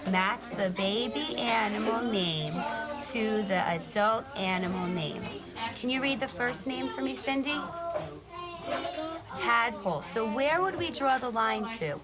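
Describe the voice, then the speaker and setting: A woman teaching young children to read, patient and encouraging, asking them one question after another. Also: fairly high pitch. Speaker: kindergarten teacher. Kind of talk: reading lesson with small children.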